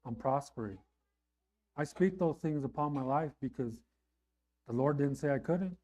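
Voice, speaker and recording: A middle-aged pastor preaches conversationally at a moderate pace with a mellow voice. He often asks "right?" and gets higher and louder on emphatic lines.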